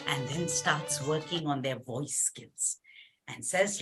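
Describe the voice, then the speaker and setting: Slow, breathy woman leading a workshop. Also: deep voice, faint music behind. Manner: gently instructing, leading group voice exercises; storytelling narration with soft asides. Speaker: workshop facilitator. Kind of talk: guided arts workshop over a webinar.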